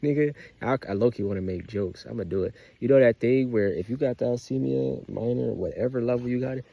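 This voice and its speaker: A man's voice: medium pitch, quick pace, creaky, mellow, no echo. A young man rambling outdoors in a loose, profane, emphatic personal monologue full of restarts. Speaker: vlogger.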